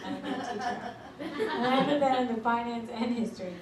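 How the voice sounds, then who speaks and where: A middle-aged woman doing a stand-up comedy routine, delivering brash, deadpan one-liners in a comedy club. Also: a little high, fairly quick, a loud crowd. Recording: echoey club from far off with noise.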